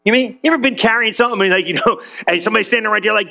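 A man preaching a sermon to his congregation in a chatty, animated way, acting out little quoted exchanges. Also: high voice, very fast, creaky, hardly any pauses. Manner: conversational, animated, acts out quotes. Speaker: pastor. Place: church in front of congregation.

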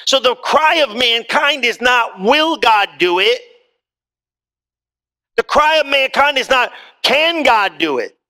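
A man preaching a sermon to a congregation, talking casually and swinging between loud quoted scripture and soft, low asides. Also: expressive, slow. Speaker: pastor. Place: church in front of a congregation.

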